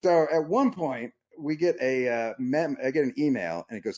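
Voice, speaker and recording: Brief: man, 30s, comic on a podcast, rambling self-deprecating storyteller, mid-pitched voice. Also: lively intonation, darkish tone. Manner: rambling, self-mocking, quick asides. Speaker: podcast co-host, comedian. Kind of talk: casual storytelling chat.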